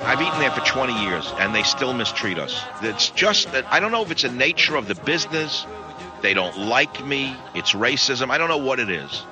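A man hosting talk radio, telling a story in animated comic outrage. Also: medium pitch, moderate pace, music in the background, poor audio.

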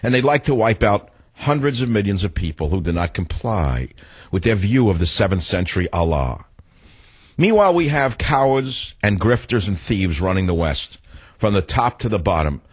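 Husky, combative talk radio host. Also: male voice, low voice, no echo. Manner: combative, sarcastic. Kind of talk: opinionated talk radio monologue.

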